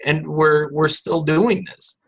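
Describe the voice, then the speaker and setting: Easygoing male podcast guest, higher voice. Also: steady tone, slow pace, gravelly, fairly bright tone, husky, low-quality recording. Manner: encouraging, easygoing. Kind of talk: casual chat.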